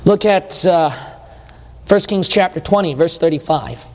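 A man preaching a sermon in a church, emphatic, putting questions to the listeners and swinging between slow stressed words and quick bursts. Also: high-pitched, darkish tone, a little hiss or hum. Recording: long reverb of a large hall.

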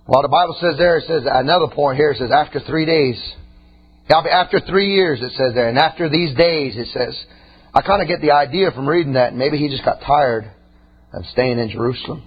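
Raspy, impassioned preacher man, high and lively. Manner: impassioned, swings between shouting and low asides. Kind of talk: sermon. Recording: dull lo-fi recording.

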